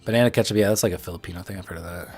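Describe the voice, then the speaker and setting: A young man with a Chicago accent talks in a low voice, rambling casually to viewers as a livestream host. He speaks bluntly and fills gaps with "like" and "um". Faint music plays behind him. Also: very fast, a little mellow. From Midwest United States. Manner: loose and chatty, full of fillers and blunt asides.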